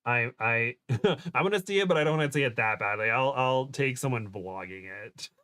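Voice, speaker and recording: A man's voice: medium pitch, expressive, normal speed, bright, forceful tone, smooth, no echo. A man with an American accent, chatting casually as a guest on a livestream, laughing often and trailing off mid-sentence. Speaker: guest co-host.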